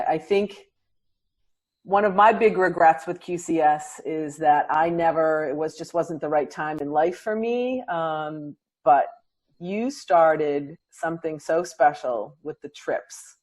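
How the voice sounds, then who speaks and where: A woman hosting an interview, introducing her guests and asking unhurried questions with frequent ums. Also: sits low. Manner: slow, warm-hearted with filler ums.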